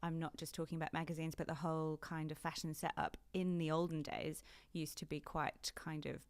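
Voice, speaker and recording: A British woman in her thirties talks in a low, deep register as a podcast guest. She is chatty and animated and often laughs as she talks. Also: a little fast. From Britain. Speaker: podcast guest, fashion journalist. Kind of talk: casual interview chat.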